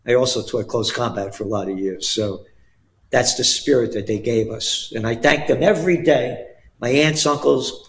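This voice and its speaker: An older man from the Bronx with a New York accent, guest-hosting a talk show in a blunt, rambling, emphatic way. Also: medium pitch. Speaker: guest host. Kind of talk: casual talk show chat.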